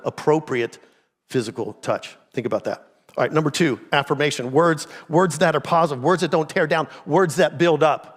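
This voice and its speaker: A middle-aged man preaching a sermon as pastor in a church, talking with the congregation in a conversational way and asking them many questions. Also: medium pitch. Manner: conversational, asks the congregation many questions, drops to a quiet intense voice. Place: church sanctuary. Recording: long church reverb.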